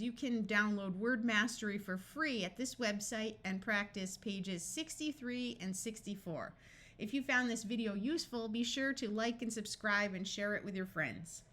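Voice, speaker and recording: A woman teaching a phonics lesson, sounding out each word slowly, one sound at a time. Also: mid-range voice, pushed and bright. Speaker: phonics tutor. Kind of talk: slow, carefully enunciated reading lesson.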